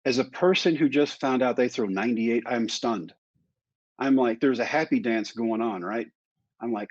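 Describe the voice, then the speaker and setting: A man in his fifties, a guest in an interview, telling his story in a lively way and acting out the dialogue. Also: medium pitch, normal speed, husky, no room sound. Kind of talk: candid storytelling in conversation. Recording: dry, slightly dull sound.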